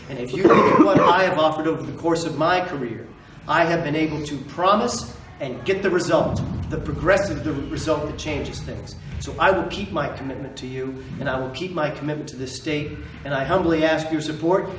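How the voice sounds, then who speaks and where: A man's voice: a little high, reverberant, recorded from a distance, a little hiss or hum, poor audio. Impassioned man giving a stump speech. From Maine. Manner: impassioned, emphatic, repeats phrases for effect. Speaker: political candidate.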